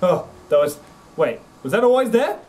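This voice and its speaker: A man's voice: sits high, big pitch swings, moderate pace, a little mellow, poor audio. A man streaming a horror game, swearing and jumpy while he talks to his companion through a desk mic. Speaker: gameplay streamer. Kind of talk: let's play commentary. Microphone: desk mic with face cam.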